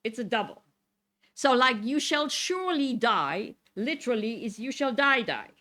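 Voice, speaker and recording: In a synagogue classroom, a woman with a fairly high, bright, forceful voice gives a Torah lesson to a congregation at normal speed with lively intonation. She reads verses aloud, explains Hebrew words, and keeps asking "Okay?" to check in.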